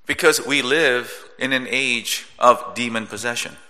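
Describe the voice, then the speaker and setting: Slow-speaking preacher man in a reverberant hall. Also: medium pitch, pushed and bright. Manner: measured teaching tone with frequent rhetorical "right?". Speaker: pastor. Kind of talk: sermon. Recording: long reverb of a large hall.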